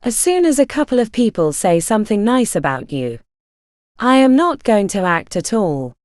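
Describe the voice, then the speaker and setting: A brusque, impatient male film director snaps his orders, voiced by a woman narrator. He sounds demanding and short on patience. The read is dry and close, with a lively rise and fall. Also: medium pitch, moderate pace, no echo, close to an everyday voice.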